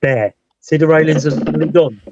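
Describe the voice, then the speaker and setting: A man's voice: a little high, fairly quick, crowd noise. A British man hosting a casual live paranormal chat, rambling and restarting his sentences. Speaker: paranormal investigator and show host. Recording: dull dry lo-fi sound.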